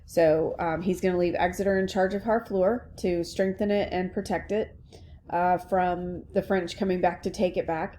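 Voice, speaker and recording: Woman teacher, play reading, casual explanations, mellow tone. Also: on the low side, fairly even intonation, normal speed, slight background noise.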